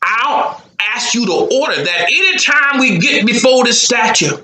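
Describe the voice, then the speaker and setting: A man's voice: extremely high pitch, animated, a little slow, pushed and bright, roomy sound, pitched above the performer's own voice, full character voice. A man voicing jealous royal officials who tattle to the king. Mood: scheming. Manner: tattling, wheedling.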